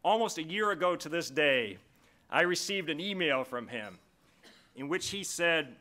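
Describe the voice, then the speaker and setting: A man introducing the keynote speaker at a formal dinner, speaking in a measured way and slowing down for emphasis. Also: on the high side, expressive, bright, forceful tone. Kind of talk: formal prepared speech at a dinner. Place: large banquet hall.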